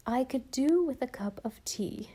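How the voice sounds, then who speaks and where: A woman's voice: sits high, animated, unhurried, mellow, voice pushed up. A woman reading the lines of a fussy, shrewish elderly aunt in an audiobook, with a plaintive tone. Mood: peevish. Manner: plaintive, complaining tone.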